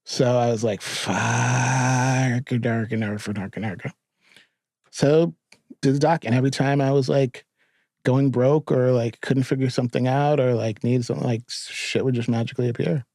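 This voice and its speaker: A middle-aged man from New York, a podcast guest telling stories in a lively, profane, laughing way. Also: mid-range voice, a little fast, no room sound, studio quality. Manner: animated, profane storytelling with frequent laughter. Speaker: podcast guest, therapist and filmmaker. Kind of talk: casual storytelling interview.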